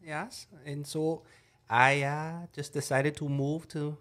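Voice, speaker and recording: Casting: man putting on a stiff German businessman, halting speech, improv. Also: on the high side, flat delivery, a bit bright, voice pushed up. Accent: put-on German. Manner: halting, searching for words. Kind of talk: improvised impression game.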